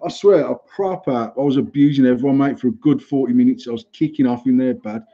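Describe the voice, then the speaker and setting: A man's voice: medium pitch, quick pace. A British man in his thirties hosting a podcast, telling a heated, sweary story in casual chat. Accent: British English. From United Kingdom. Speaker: podcast host. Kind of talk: casual chat, ranting anecdote. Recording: slightly muffled lo-fi recording.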